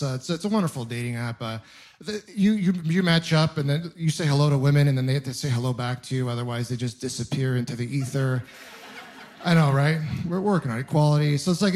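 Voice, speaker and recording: A man's voice: on the high side, darkish tone. A young man doing a stand-up comedy set, telling wry rambling stories and mocking himself. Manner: wry, rambling storytelling with self-mocking asides. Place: live comedy venue with audience laughter.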